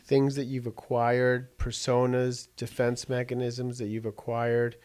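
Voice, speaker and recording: A man's voice: medium pitch, monotone, measured pace, darkish tone. A man interviewing a guest, asking long, searching questions with lots of fillers and restarts. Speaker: interviewer host.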